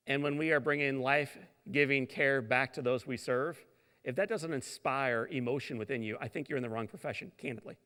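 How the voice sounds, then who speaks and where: A middle-aged man from St. Louis gives a motivational keynote in a large hall, and his voice carries a gravelly edge. He tells the story dramatically, swinging from loud, booming lines down to hushed whispers, and a long reverb trails after each phrase. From St. Louis, Missouri. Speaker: keynote speaker.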